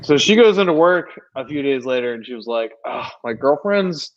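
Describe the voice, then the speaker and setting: Drunk guy on a podcast call, super animated, keeps doing everyone's voices, muffled lo-fi sound. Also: mid-range voice, fast talker, dry recording. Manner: animated storytelling, mimics people. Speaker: podcast co-host. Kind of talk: casual chat.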